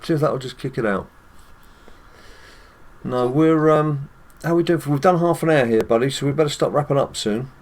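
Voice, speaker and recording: A British gaming channel host with a mid-range voice gives casual gameplay commentary at a moderate pace. He's chatty, speaks straight to his viewers, and chuckles often.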